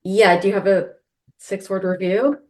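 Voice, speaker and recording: A woman's voice: mid-range voice, fairly even intonation, moderate pace, darkish tone. A woman co-hosting a podcast in casual chat, earnest and chatty, thinking aloud as she goes. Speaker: podcast co-host.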